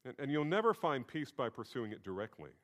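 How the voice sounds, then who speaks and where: A man's voice: medium pitch, big pitch swings, fairly quick, a bit bright. A male pastor giving a sermon in a conversational teaching manner, stressing points through repetition.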